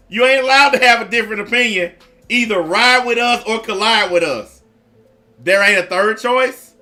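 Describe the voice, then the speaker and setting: A man's voice: sits high, animated, normal speed, sharp tone, faint music behind. A man giving blunt, profane reaction commentary in a repetitive rant.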